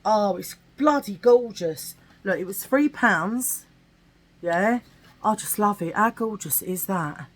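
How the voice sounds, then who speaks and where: Husky woman chatting away on her vlog, slangy, excited about bargains. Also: mid-range voice, slow pace, low-quality recording. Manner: chatty and animated, with slangy asides. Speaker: vlogger. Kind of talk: casual chat.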